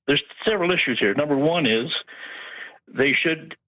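A man's voice: fairly high pitch, lively intonation, moderate pace. A man calling in to a radio show, talking emphatically and rambling from point to point. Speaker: caller. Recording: tinny phone line.

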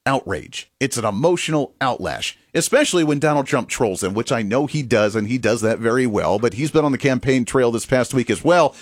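A man hosting a political opinion show, animated and mocking, laughing often. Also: mid-range voice, fairly quick, few pauses, no room sound, studio quality. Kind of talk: opinion commentary.

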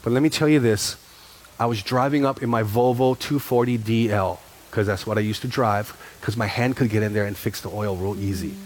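A man in his forties preaching a sermon as pastor, telling a personal story with quick asides and repeated phrases. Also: fairly low pitch, a little hiss or hum.

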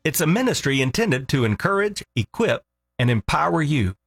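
A man's voice: fairly high pitch, sing-song, moderate pace, gravelly, fairly bright tone, husky. A male pastor reading a scripted radio appeal for donations in a friendly, earnest way. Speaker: lead pastor. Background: faint music bed.

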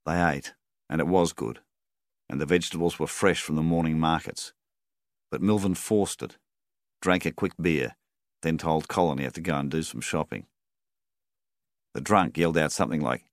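A man reading an audiobook aloud in an expressive storytelling style. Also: rumbling low, moderate pace, gravelly, dry recording, clean studio sound. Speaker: audiobook narrator. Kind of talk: scripted narration.

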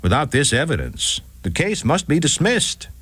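Guy doing a formal defense lawyer making his case, lively delivery, dry sound. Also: fairly high pitch, moderate pace, breathy edge, no echo, exaggerated voice. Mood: earnest. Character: formal male defense attorney.

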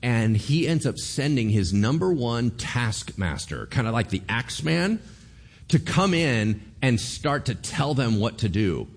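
A man preaching a sermon as pastor, animated, acting out the voices of figures in the story. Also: medium pitch, a little slow.

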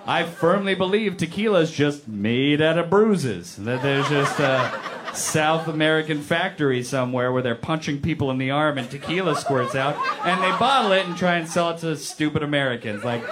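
A male stand-up comedian performing a routine in an animated, mock-indignant way. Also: on the high side, moderate pace, heavy background noise.

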